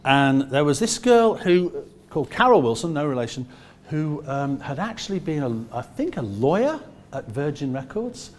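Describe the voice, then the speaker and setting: Animated Liverpudlian man in his sixties. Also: fairly high pitch. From Liverpool, England. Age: 60s. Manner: animated, acts out other people's voices, quick asides. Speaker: musician telling stories. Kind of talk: anecdotal storytelling.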